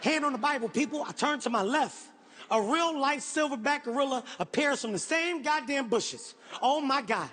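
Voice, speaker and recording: Man, stand-up comic, very high voice, animated and loud, live show with noise behind. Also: moderate pace. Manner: animated, shouting and profane. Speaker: stand-up comedian. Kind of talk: stand-up storytelling. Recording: live show with audience ambience.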